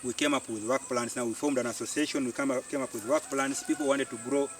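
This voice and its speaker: A Ugandan man, a farmer and community organiser, telling his story in an animated way and repeating phrases for emphasis, recorded outdoors. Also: mid-range voice, fast, a little hiss or hum. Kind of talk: storytelling interview. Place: outdoors on a farm. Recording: distant mic outdoors, faint insects.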